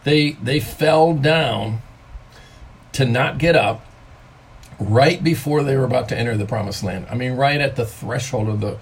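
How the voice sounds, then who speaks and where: An older man, a grandfather, giving a conversational devotional talk from home, stressing key words by slowing down on them. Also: mid-range voice, a little hiss or hum. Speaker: pastor.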